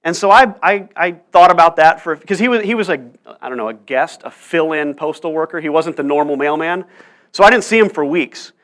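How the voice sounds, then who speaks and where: Earnest preacher, slightly high voice. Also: male voice, expressive, a little fast, a bit bright. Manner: earnest storyteller who builds to pressing rhetorical questions. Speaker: pastor. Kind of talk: sermon. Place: church sanctuary.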